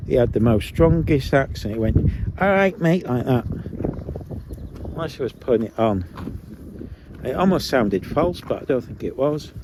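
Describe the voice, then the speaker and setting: A man chatting casually and coaxing his dogs on an outdoor walk, recorded on a handheld phone. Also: mid-range voice. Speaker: vlogger. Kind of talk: casual chat while walking dogs. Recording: outdoor phone audio with background noise.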